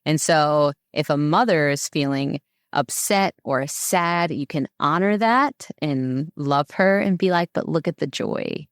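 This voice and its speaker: A woman's voice: low-pitched, slow, clean tone, no echo, clean studio sound. A woman speaking as a podcast guest, giving casual advice in a rambling way with many fillers. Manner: rambling, filler-heavy talk. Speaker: podcast guest, mother and herbal maker.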